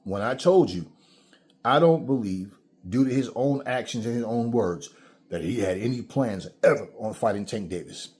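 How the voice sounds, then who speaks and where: A man vents to his camera in a casual commentary rant. His voice is husky, sitting at a middling pitch. He is blunt and profane and lectures the audience like a preacher. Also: lively intonation, moderate pace, darkish tone. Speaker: commentary vlogger. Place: in front of his own camera.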